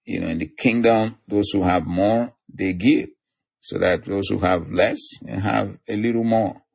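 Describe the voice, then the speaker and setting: Male preacher, gravelly husky voice, teaching scripture in a sermon with easy asides. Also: on the low side, fairly even intonation, measured pace, a little mellow. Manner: reads scripture aloud, chuckles between points.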